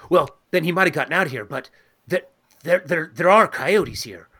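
A man's voice: fairly high pitch, lively intonation, moderate pace, fairly bright tone. A man playing a tabletop game, explaining his moves in a rambling way with many fillers. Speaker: player. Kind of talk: casual tabletop game play.

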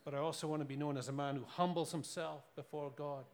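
A man's voice: a little high, steady tone, quick pace, a little mellow. Earnest Scottish man preaching. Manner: earnest, storytelling, with rhetorical questions and laughs. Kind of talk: sermon.

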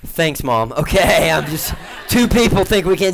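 A man runs a comic stage act, joking and coaxing his volunteers and the crowd. His voice sits a little high for a man, and it carries across a large stage in front of a live audience. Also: big pitch swings, normal speed, creaky, a bit bright, poor audio. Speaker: gospel magician.

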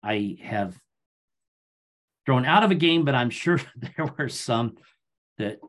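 A middle-aged man from Iowa, a grain businessman, chatting calmly in an interview and telling stories at an unhurried pace with frequent ums. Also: medium pitch. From Iowa, USA. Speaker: guest, grain business owner. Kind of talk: casual interview chat.

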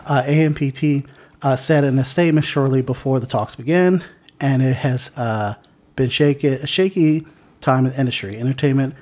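Reading news on a laid-back podcast he co-hosts, this man stumbles often and leans on fillers. His voice is medium in pitch with a darkish tone.

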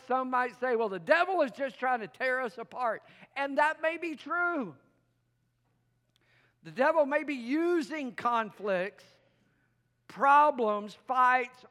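This pastor's voice is extremely high, a bit bright, clear, and resonant as he preaches in a church sanctuary, the sound carrying a long hall reverb. Playful and quick to laugh, he draws the congregation into call-and-response.

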